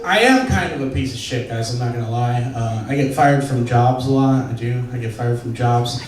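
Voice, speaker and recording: A man's voice: mid-range voice, normal speed, slight background noise. Crude young male stand-up in echoey club. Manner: crude, self-deprecating, conversational. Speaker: stand-up comedian. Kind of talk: stand-up set. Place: comedy club stage. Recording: echoey club, distant mic, audience laughter.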